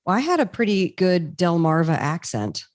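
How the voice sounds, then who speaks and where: A woman with a slightly low voice tells stories as a podcast guest, lively and quick to laugh. The sound is dry and close, with no room around her. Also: no room sound. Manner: animated storyteller, laughs often. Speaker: podcast guest, actress and voice actor. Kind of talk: casual interview chat.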